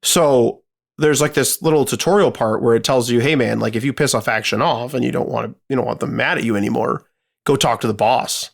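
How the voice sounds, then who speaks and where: A man's voice: mid-range voice, fairly quick, vocal fry. A man co-hosting a podcast, telling a gaming story in casual chat, swearing freely and rambling with lots of fillers. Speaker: podcast co-host.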